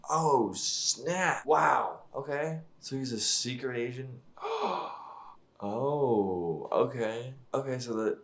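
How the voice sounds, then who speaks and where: A man's voice: mid-range voice, big pitch swings, takes it slowly, creaky. A man giving casual, profane commentary as he reacts to a TV episode, mocking the script and laughing often. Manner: laughs often while talking. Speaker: show reaction YouTuber.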